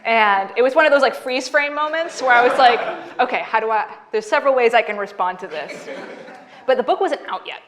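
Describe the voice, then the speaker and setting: A woman's voice: fairly high pitch, fairly quick, crowd noise. A woman in her thirties, an author giving a talk at a library and taking audience questions, who tells stories with a laugh and acts out the dialogue. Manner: lively storyteller, laughs a lot, acts out dialogue.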